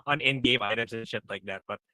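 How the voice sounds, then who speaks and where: A man's voice: medium pitch, quick pace, sharp tone, no echo. A man co-hosting a podcast over a lagging video call, rambling and scoffing with many fillers. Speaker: podcast co-host. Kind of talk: casual chat. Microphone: video call on a lagging connection.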